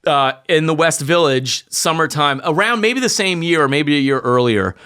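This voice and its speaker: A man, telling lively stories as a podcast guest and acting out what people said. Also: on the high side, moderate pace, clean tone. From New York. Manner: animated storyteller acting out quotes, many fillers. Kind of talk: casual storytelling chat.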